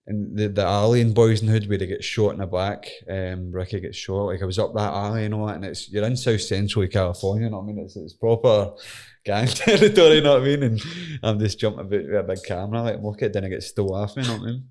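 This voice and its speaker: A young man with a broad Scottish accent and a fairly low voice tells his story as a guest. He talks loosely and swears freely, laughing through the funny bits as he speaks. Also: fast talker, a little mellow. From Scotland. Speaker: MMA fighter guest. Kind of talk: casual storytelling.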